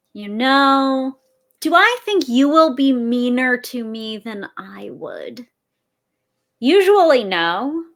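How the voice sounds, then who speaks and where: A woman in a tabletop game talks casually with the game master. She speaks slowly and wryly in a slightly high voice. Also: fairly bright tone. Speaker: player.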